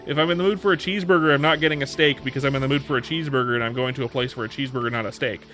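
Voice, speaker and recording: A man's voice: medium pitch, steady tone, very fast, fairly bright tone, soft background music. A man in his thirties chatting casually on a livestream, answering viewer questions in a rambling way with many restarts and repeated words. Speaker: streamer.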